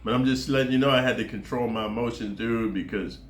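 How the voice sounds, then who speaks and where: A man's voice: medium pitch, fairly even intonation, fast talker, roomy sound, a little hiss or hum. An American man vlogging in a casual monologue, rambling and profane, constantly tossing in "dude" and "man". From United States.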